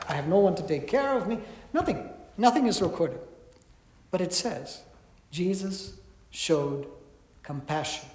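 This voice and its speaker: High-voiced preacher in an echoey hall. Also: male voice, a little mellow. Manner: measured, emphatic, with dramatic pauses. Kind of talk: sermon.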